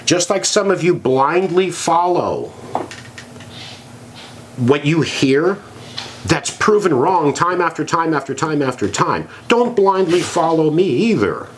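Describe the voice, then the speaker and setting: A man's voice: on the high side, takes it slowly, a little hiss or hum. A man co-hosting a podcast, talking in a sarcastic, ranting way in casual chat. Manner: animated, sarcastic, rant-like. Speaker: podcast co-host.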